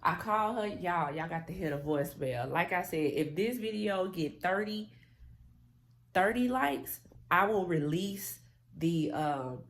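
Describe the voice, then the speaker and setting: Lively low-voiced woman telling a story. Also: measured pace. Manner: animated, slangy, talks straight to the audience. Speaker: vlogger. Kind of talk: casual storytelling to viewers.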